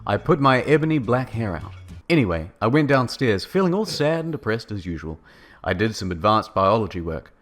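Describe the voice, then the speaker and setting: A man narrating a comedic story reading in a deadpan, dry way. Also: fairly low pitch, brisk.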